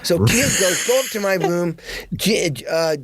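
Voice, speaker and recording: A middle-aged man telling backstage stories on a podcast, animated, acting out what people said and humming rhythms aloud. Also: unhurried, breathy edge, no room sound. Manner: animated, acts out quotes with excited jumps in pitch. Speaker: podcast guest. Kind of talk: casual storytelling chat.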